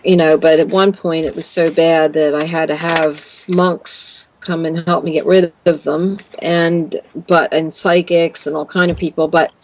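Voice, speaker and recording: A woman from Canada in her fifties, a guest in an interview, telling rambling, animated stories. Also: low-pitched, measured pace, few pauses, a little hiss or hum, low-quality recording. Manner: rambling, animated storytelling with laughs. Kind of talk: casual interview.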